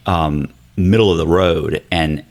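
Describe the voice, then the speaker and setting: A man's voice: deep voice, slow. A man guest on a podcast, talking casually and animatedly, in a hotel room set up as a studio. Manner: animated storyteller, often mimicking others' voices. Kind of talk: casual storytelling conversation.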